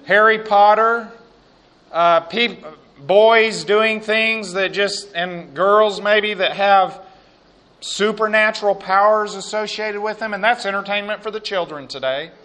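A man preaching a sermon and reading scripture aloud, slow and emphatic, with quiet asides. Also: high voice.

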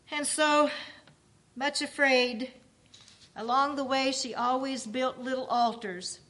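A woman reading a book aloud at a church service, paraphrasing as she goes in a measured, earnest way. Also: high-pitched, steady tone, fairly bright tone.

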